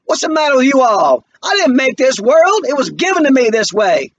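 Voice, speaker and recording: A proud, desperate son voiced by a man reading the play aloud pleads in a strained, high voice that keeps climbing. The recording sounds slightly dull and lo-fi, as if captured on modest gear. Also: animated, a little fast, fairly bright tone, far from the mic, slight background noise. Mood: pleading. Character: proud desperate grown son, bitter and breaking.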